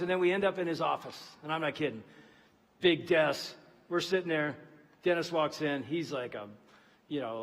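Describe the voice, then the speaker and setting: High-voiced man preaching in a hall. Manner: storytelling, dropping to a hushed voice for emphasis. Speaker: pastor. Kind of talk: sermon. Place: large church auditorium.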